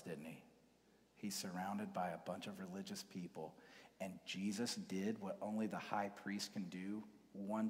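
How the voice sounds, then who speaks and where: A male pastor preaching a conversational sermon in a church, now and then dropping to a hushed whisper for emphasis. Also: on the low side. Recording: long hall reverb.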